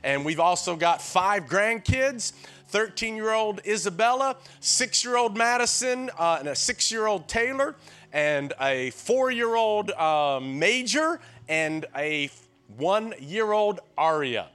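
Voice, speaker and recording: A man's voice: high voice, slow pace, smooth. A man in his sixties with a Tennessee accent, preaching a sermon as a guest preacher, telling folksy stories and calling out to the crowd. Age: 60s. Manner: lively call-and-response, keeps urging the crowd on; folksy storytelling with frequent restarts.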